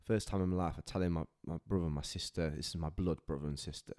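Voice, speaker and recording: A man's voice: low-pitched, fairly even intonation, fast, dark tone. A man, a podcast guest telling a personal story in an earnest, heartfelt way, often stopping and restarting his sentences.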